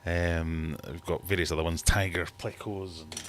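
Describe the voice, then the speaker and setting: Deep-voiced British man chatting on a livestream. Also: little pitch movement, moderate pace, slight background noise. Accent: British English. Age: 30s. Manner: rambling, joking, reads out chat comments. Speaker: livestream host. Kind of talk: casual livestream chat. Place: home fish room.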